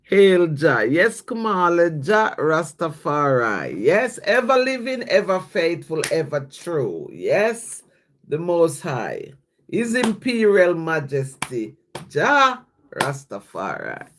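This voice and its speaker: A livestream host talking slowly and unhurriedly, with a pitch that rises and falls a great deal. The delivery is a casual devotional chat, full of thanks to viewers by name and a questioning "yes?" after each thought. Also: big pitch swings, fairly bright tone, slight background noise. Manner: reads scripture and viewer comments aloud.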